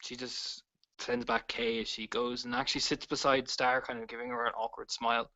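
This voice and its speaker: A man's voice: mid-range voice, flat delivery, fairly quick, bright, forceful tone, highs cut off. A man casually narrating and voicing his character in a tabletop game, with hedges and small laughs. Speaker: player.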